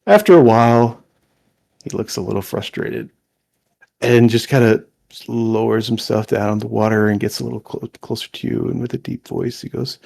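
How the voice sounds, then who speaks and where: Gravelly, husky man running a tabletop game. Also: medium pitch, darkish tone, no room sound. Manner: halting, with restarts. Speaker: game master.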